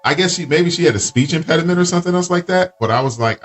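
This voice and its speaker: A man's voice: fairly high pitch, lively intonation, quick pace, hardly any pauses, faint music behind. A man co-hosting a podcast in casual chat, rambling through stories and acting out both sides of each exchange. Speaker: podcast co-host.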